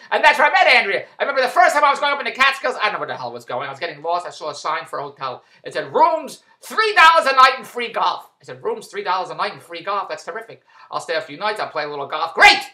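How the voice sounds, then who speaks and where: A man telling Catskills-style stand-up jokes to his wife in a rapid-fire delivery with repeated phrases, loud on punchlines and low and muttered in between. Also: lively intonation.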